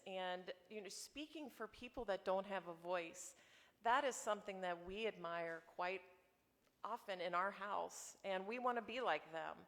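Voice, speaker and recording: A woman giving a heartfelt memorial tribute, earnest and slowing down for emphasis. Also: mid-range voice, a bit bright. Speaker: eulogy speaker, family friend. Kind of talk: personal memorial speech. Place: memorial service hall. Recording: echoey hall with long reverb.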